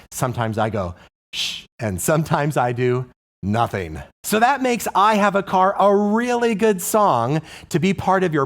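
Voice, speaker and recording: Slow, upbeat male music teacher. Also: on the high side. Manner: upbeat, questions to the viewer, chants rhythm syllables. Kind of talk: instructional video for music teachers.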